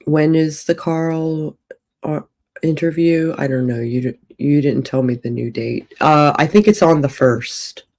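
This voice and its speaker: Speaking from a hotel room, a woman who is an author and streamer thinks aloud in a rambling way on a casual livestream. Her voice is low, mellow and relaxed, and she takes her time at a measured, unhurried pace.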